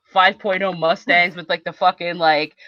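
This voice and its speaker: A woman hosting a podcast, telling an animated, profane story in casual chat. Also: fairly low pitch, moderate pace, dry recording, dull audio. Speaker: podcast host.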